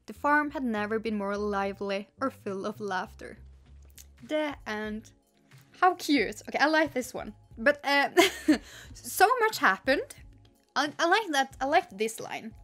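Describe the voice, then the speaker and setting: A young woman chatting casually and reading stories aloud on her channel, giggly and excitable. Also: on the high side. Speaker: YouTuber. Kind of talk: casual vlog chat and story reading.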